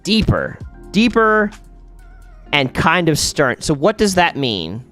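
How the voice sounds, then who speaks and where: A man's voice: on the high side, big pitch swings, measured pace, sharp tone, faint music behind. A man hosting a casual live gaming stream, chatting with viewers and thinking aloud while he plays.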